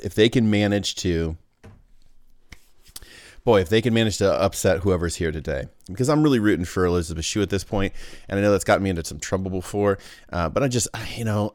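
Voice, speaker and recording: A man's voice: low-pitched, no room sound, studio quality. A man hosting his own podcast, talking in a goofy, rambling casual monologue full of restarts. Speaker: podcast host.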